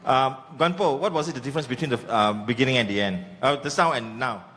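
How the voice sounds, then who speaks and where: A man's voice: medium pitch, fast talker, a bit bright. A man coaching a comedy workshop, giving chatty feedback peppered with "okay". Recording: hall with faint ambient noise.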